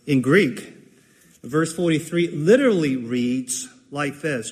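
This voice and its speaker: A man's voice: a little high, lively intonation, slow, long reverb tail. A man preaching a sermon in an earnest way, repeating key phrases for emphasis. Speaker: pastor.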